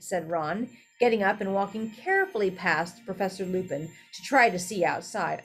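A woman's voice: mid-range voice, animated, moderate pace, hardly any pauses, slightly rough, faint music behind. A woman narrating a children's fantasy story aloud, reading expressively and occasionally correcting herself. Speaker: audiobook reader.

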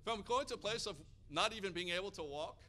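An American man delivers a sermon in a bright, cutting, high-pitched voice that rings out. He preaches energetically, frequently rising to loud, emphatic peaks, and he sounds animated and fast.

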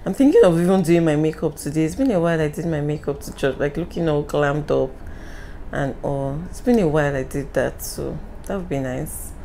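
A woman's voice: low voice, fairly quick, dark tone, slight background noise, poor audio. A young Nigerian woman with a Nigerian accent talking casually to the camera in a home vlog, openly emotional and apologetic. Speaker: vlogger.

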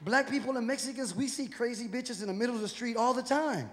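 High-voiced profane male comedian from Texas. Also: fast talker. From Houston, Texas. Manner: profane, animated, acts out voices. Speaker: stand-up comedian. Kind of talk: stand-up comedy. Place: live comedy venue with audience. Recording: echoey hall with crowd noise.

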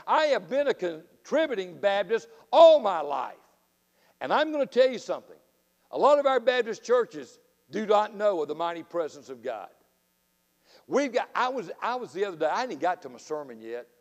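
A middle-aged man with a Southern accent preaches at a revival, his raised voice ringing through the long echo of a church sanctuary. He tells folksy stories and swings from loud, fiery outbursts to quiet, dry asides. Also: sits high. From Florida. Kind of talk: revival sermon with storytelling.

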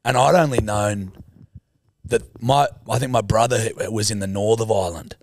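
A man's voice: on the low side, fairly even intonation, normal speed, gravelly, no echo. An Australian man co-hosting a podcast, telling a crude, joking story in casual chat. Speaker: podcast co-host.

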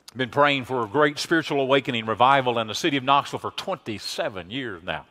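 A man preaching a sermon as pastor, emphatic, swinging from hushed lines to loud exclamations. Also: mid-range voice, quick pace, hardly any pauses.

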